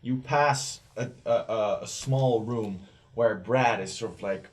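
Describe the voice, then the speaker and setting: A man narrating as game master, loose and full of fillers, breaking into loud character voices. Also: lowish voice, slow pace, recorded from a distance.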